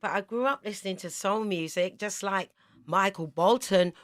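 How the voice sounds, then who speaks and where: A woman in her fifties from South London with a London accent, a singer chatting as a radio interview guest and telling lively stories with quick asides. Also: mid-range voice. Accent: London English. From South London, England.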